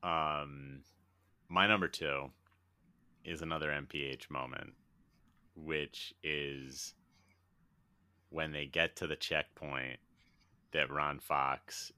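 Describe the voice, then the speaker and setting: Very deep bright-voiced man, casual chat. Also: takes it slowly, long pauses, clear, resonant tone, no echo. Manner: animated retelling, acts out movie lines, swears freely. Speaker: podcast co-host.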